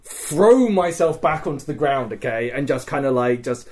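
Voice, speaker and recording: Male podcast host, mid-pitched, casual storyteller, animated and sweary, always checking in with "right?". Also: normal speed, husky.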